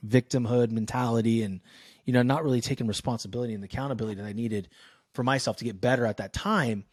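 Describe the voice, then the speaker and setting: A man in his thirties from Northern California tells a story on a podcast with casual swearing and lively voices for the people in it. His voice sits at a middle pitch and is recorded dry and close, with no room sound. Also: fast, dry recording. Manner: animated, loose and profane, acting out quoted exchanges. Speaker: podcast guest, sales coach.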